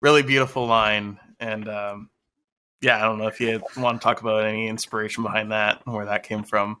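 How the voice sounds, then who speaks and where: Podcast host dude, low flat voice but bright and crisp, laid-back, asks nice questions. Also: male voice, a little fast, slight background noise. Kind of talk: casual interview chat.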